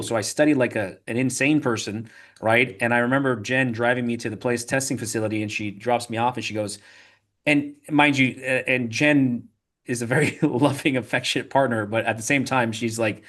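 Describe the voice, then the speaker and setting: A man, a podcast guest, telling animated stories in a casual interview, full of restarts and repeated "right?" tags. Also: medium pitch. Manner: rapid, animated storytelling with frequent "right?" and filler restarts.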